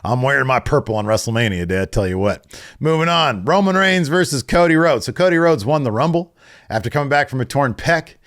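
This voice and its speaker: Man, podcast host, excitable, profane, casual opinion talk. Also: mid-range voice, brisk. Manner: excitable, profane, quoting wrestlers in mock voices.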